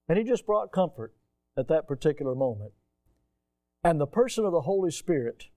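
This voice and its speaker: A middle-aged pastor with a fairly high voice delivers a sermon. He stretches out key words slowly and then hurries through the rest, often dropping into a hushed, gentle tone.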